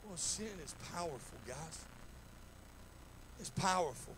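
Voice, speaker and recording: A man's voice: sits high, expressive, unhurried, background noise. A man preaching a sermon in a folksy, repetitive way, acting out little stories in quoted voices. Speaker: pastor. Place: church sanctuary.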